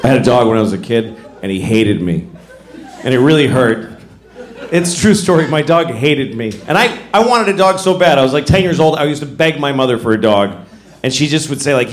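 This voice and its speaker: A man doing a stand-up comedy routine, telling stories animatedly and shouting punchlines. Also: mid-range voice, fairly quick. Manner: animated storytelling, acts out voices, shouts punchlines.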